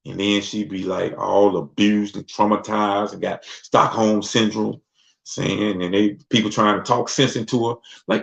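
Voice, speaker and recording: A man hosting his own talk show, chatting casually and acting out other people's voices as he goes. His voice is low and heavily gravelly. It comes through a dull, lo-fi recording. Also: little pitch movement, a little slow. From Mississippi. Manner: loose, conversational, acts out voices. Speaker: host. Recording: dull lo-fi sound.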